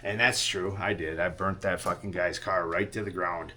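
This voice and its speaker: In a low, steady, pushed and bright voice at normal speed, a man rambles through a casual story over a bit of hiss or hum. He swears often, keeps asking "right?", and sounds sheepish and rueful.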